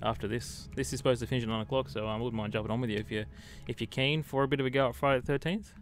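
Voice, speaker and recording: A live streamer with a medium-pitched, fairly even voice races through casual commentary while playing a shooter game, calling his viewers mate as he talks to chat. Loud battle gunfire and vehicles from the game sit behind his voice, along with soft background music.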